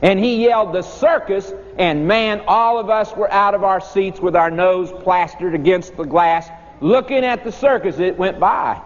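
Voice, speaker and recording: A man's voice: normal speed, few pauses. A man preaching a sermon in a folksy storytelling manner, from the rural countryside. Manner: folksy storytelling, swooping pitch. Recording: dull echoey hall recording.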